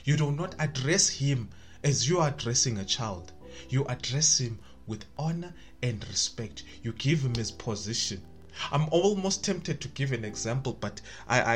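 A man preaching a sermon, emphatic and repetitive, building to rising calls. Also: medium pitch. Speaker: pastor.

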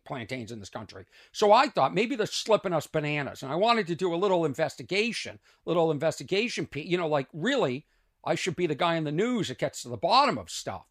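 A man's voice: fairly high pitch, a bit bright. A middle-aged male comedian hosting a casual solo podcast, telling rambling stories full of self-mocking brags.

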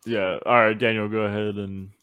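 A man's voice: on the low side, flat delivery, moderate pace, clear, resonant tone, no room sound, phone-quality sound. A man hosting a podcast, chatting casually and handing turns to his co-hosts. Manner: laid-back, prompts others. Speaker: podcast host. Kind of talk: casual chat.

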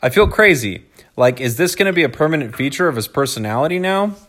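A man's voice: a little high, expressive, fast talker, a bit bright. A man in his thirties co-hosting a casual podcast, joking and self-aware and slipping into playful voices. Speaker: podcast co-host. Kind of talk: casual chat, reading a listener letter.

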